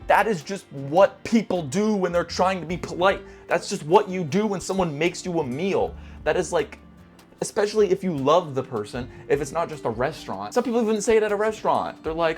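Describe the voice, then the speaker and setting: A young man hosting a casual reaction video, animated and easily worked up, swinging between loud and soft. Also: sits high, moderate pace, faint music behind. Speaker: video host.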